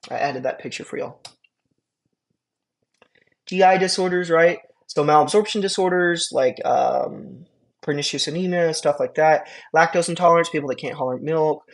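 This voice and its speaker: A man giving a casual EMT classroom lecture, chatty and informal with many fillers and acted-out examples. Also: on the high side. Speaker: EMT instructor.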